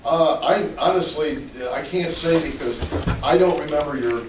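A man in the class, answering the teacher in a soft-spoken, hesitant way. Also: a little high, moderate pace, background noise. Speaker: class member. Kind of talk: casual reply from audience. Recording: distant, echoey with room crowd.

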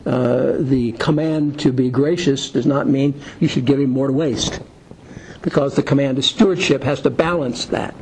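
A man's voice: medium pitch, fairly even intonation, normal speed, a little mellow, slight background noise, poor audio. A man leading a Bible study lesson in a conversational, rambling way, with many fillers and film scenes retold as illustrations.

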